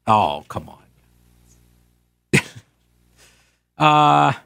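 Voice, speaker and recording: A man's voice: a little high, very slow, gravelly, clear, resonant tone, dry recording. Sarcastic male talk radio host, dry studio. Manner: sarcastic, mocking, animated. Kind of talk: casual talk radio, reading listener mail.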